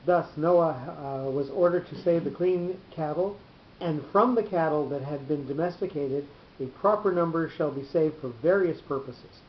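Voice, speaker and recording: A man teaching a class, explaining patiently and slowly with frequent pauses. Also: fairly high pitch. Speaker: teacher of Torah cantillation. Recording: roomy, dull, slightly noisy recording.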